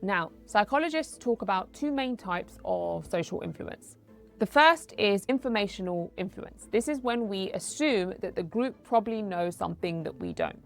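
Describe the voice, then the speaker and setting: A woman's voice: medium pitch, big pitch swings, moderate pace, creaky, faint music behind. A woman in her thirties, a doctor hosting an educational talk, explaining in a conversational way with personal anecdotes. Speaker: doctor and host.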